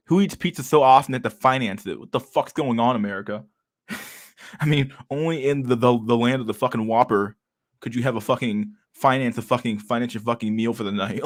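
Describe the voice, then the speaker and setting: A man hosting a livestream, chatting casually with viewers in a rambling, profane way, laughing often with mock outrage. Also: mid-range voice. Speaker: livestream host. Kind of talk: casual chat with live viewers.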